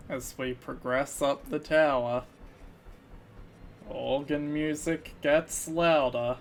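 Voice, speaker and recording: A man's voice: mid-range voice, slight background noise. A man casually commentating his video game playthrough, musing through his moves with a slight frog in his throat. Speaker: let's play host.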